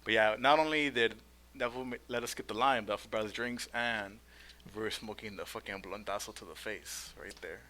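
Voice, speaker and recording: A young man tells stories fast on a casual podcast, full of slang and swearing. His voice is bright and edgy, and he shouts mocking quotes of other people. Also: on the low side. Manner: profane slangy storytelling with loud mocking quotes. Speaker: podcast co-host. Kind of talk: casual storytelling chat.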